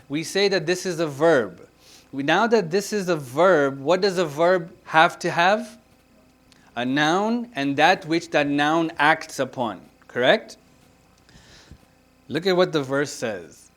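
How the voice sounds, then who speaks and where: A man leading a religious grammar class, asking his students questions, repeating their answers and reciting scripture quickly. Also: a little high, fairly bright tone. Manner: recites Quranic Arabic quickly. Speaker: religious teacher. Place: mosque centre classroom.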